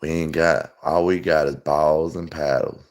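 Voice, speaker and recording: A man voicing a leering backwoods grown man who talks in a slow, wheedling, suggestive drawl. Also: rumbling low, steady tone, vocal fry, voice pushed down, heavily acted.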